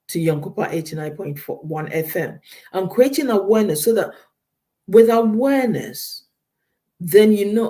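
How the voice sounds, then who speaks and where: A woman's voice: fairly low pitch, mellow. A woman counselor giving emphatic, direct advice to listeners on a radio show, often repeating her key points.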